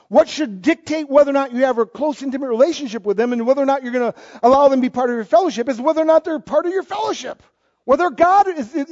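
High-voiced pastor preaching emphatically. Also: male voice. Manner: emphatic, swings between loud exclamations and quiet asides. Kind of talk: sermon. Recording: dull lo-fi church recording.

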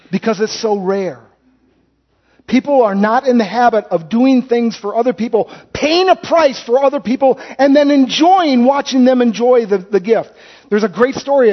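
A man with a high-pitched voice delivers a sermon, telling folksy stories and acting out quotes as he goes. He catches and corrects his own slips as he talks. The recording sounds dull and lo-fi. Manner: storytelling with acted-out quotes; folksy, with self-correcting restarts. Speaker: pastor.

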